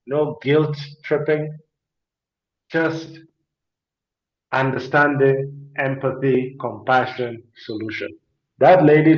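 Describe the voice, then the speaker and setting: Male talk-show guest, earnest explainer, mid-pitched voice, roomy slightly muffled sound. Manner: earnest, explanatory, emphatic with rhetorical questions. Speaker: guest speaker on addiction and mental health.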